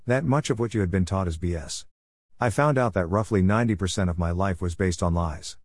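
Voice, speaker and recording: A man's voice: low-pitched, brisk, no room sound, clean studio sound. A middle-aged man reading his own letter aloud, in a blunt, preachy and irreverent way. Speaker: podcast host.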